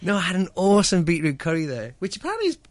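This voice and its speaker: A man's voice: sits high, huge pitch swings, very fast. An enthusiastic man talking casually on a radio show, his sentences full of restarts and fillers. He sounds eager and talkative. The sound is close and very dry, with no room echo. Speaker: guest cook.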